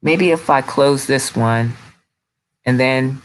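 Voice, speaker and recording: A man hosts a casual live chat over a video call. His speech is halting and distracted, with frequent restarts and pauses. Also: mid-range voice, a little hiss or hum, low-quality recording. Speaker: show host sharing his screen.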